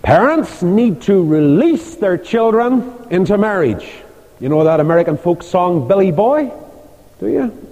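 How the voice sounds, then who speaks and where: A man's voice: sits high, sing-song, a little slow, mellow. An older man preaching a sermon about marriage, telling stories with emphatic delivery and rhetorical questions. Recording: long hall reverb.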